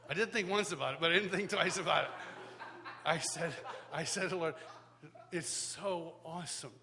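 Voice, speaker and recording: A man teaching at a worship school, telling a personal story in sermon style with animated, self-mocking humor, recorded live in a church hall. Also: fairly high pitch, brisk, gravelly. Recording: live hall reverb, faint background noise.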